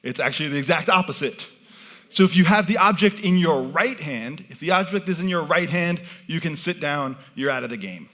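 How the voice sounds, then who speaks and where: A man's voice: fairly high pitch, animated, brisk, a bit bright. A man performing as a mentalist, leading a live audience through a participation game from an event stage with commanding, playful patter.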